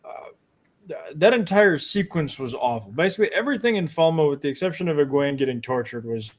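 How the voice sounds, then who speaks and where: A man co-hosting a casual podcast, talking haltingly with many pauses, also reading out viewer donations. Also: fairly high pitch, expressive. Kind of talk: casual chat.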